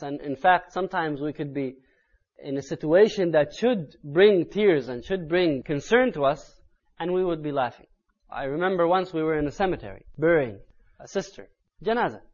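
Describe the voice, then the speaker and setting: A man delivering an Islamic sermon in an earnest tone that builds to loud, urgent emphasis. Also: a little high, lively intonation, moderate pace, highs cut off. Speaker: Islamic preacher.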